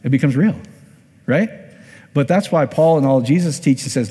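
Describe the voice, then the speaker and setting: A man's voice: on the high side, moderate pace, pauses often, mellow, husky. A man from Iowa preaching a conversational sermon as a pastor. He often repeats words and asks the audience questions. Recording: long hall reverb.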